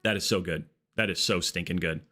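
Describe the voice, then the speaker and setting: A man live-streaming a game, talking to his chat in an excitable, jokey way. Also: low voice, brisk. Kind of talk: casual live-stream commentary.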